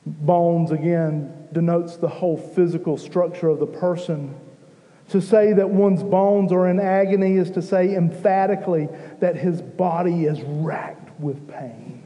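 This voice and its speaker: A man preaching a sermon to his church, slow and emphatic, rising in intensity at key moments. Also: on the high side, fairly even intonation, mellow, big-room sound, low-quality recording. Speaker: pastor.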